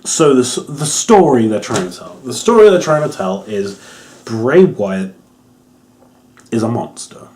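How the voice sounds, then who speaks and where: A man's voice: medium pitch, measured pace. Rambling, hesitant man reviewing wrestling. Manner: rambling, hesitant, many fillers and restarts; gets excited and loud when joking. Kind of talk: casual commentary review.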